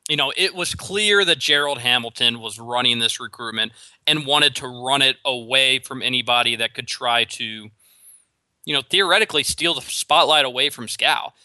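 Male sports talk host, opinionated and quick, stumbling over restarts, crisp dry booth sound. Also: medium pitch, sharp tone, no echo. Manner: opinionated, rapid with frequent restarts. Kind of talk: solo sports talk commentary.

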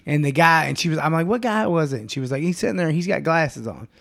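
Podcast co-host, male, 30s, casual storyteller, brash, slightly raised pitch. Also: fast, creaky. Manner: animated storytelling, acting out quotes, profane. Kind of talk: casual chat.

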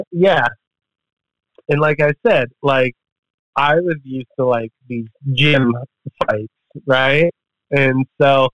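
A man's voice: mid-range voice, dry recording. A man guesting on a podcast, telling a story casually in a rambling, profane way and acting out the quotes. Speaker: podcast guest, MMA fighter. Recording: dull, dry podcast audio.

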